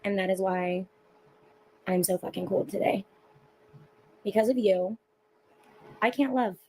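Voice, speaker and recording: A woman's voice: medium pitch, unhurried, darkish tone, slight background noise, rough recording. A woman bluntly addressing an ex-partner, bitter and swearing.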